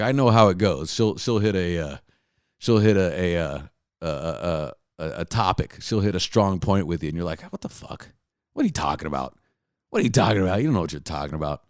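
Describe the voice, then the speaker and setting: A man's voice: deep voice, no echo, clean studio sound. A man hosting a podcast, delivering a blunt, profane solo rant full of restarts and exasperated storytelling. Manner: rambling, profane, many restarts. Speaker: podcast host.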